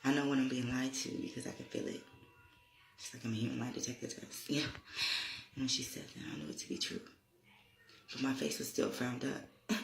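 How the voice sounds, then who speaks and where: A man's voice: mid-range voice, fairly even intonation, fairly quick, vocal fry, reverberant, a little hiss or hum. A man telling a personal story in a rambling, conversational way, often saying "you know" and "like" and laughing as he goes. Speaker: holistic healer vlogger.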